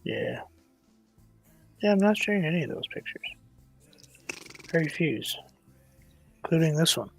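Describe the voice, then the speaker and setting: A man's voice: fairly high pitch, expressive, measured pace, vocal fry, long pauses, soft background music. A man in his fifties co-hosting a casual chat over a video call, talking in a dry, teasing way. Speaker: co-host.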